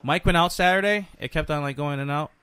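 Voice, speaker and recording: A loud man, a comedian, joking and swearing in casual podcast banter. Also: a little high, quick pace, smooth. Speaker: stand-up comedian and show regular.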